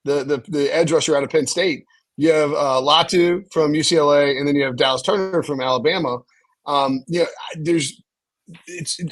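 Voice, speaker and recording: Man, host, husky tone, loose rambling sports chat. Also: a little high, a bit bright. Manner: rambling, lots of restarts and fillers. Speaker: podcast host.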